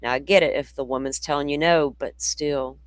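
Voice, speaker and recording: This true crime host has a voice that sits low, with fairly even intonation and a moderate pace, captured in a dry recording. Her show mixes reading news reports aloud with conversational tangents where she shares her opinions with viewers.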